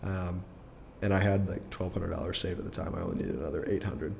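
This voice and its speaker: A young adult man, a podcast guest, telling a personal story in a casual, rambling way full of fillers and quick chuckles. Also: low voice, fairly even intonation, vocal fry, a little mellow, a little hiss or hum. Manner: rambling, filler-heavy, restarts often, chuckles through his story.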